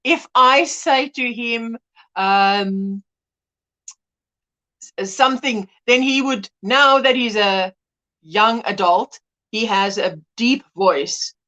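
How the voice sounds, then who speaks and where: A middle-aged woman hosting a casual livestream, chatting and reading out viewer comments as an animated storyteller who mimics voices and laughs often. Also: fairly high pitch, slow pace, pauses often. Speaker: livestream host.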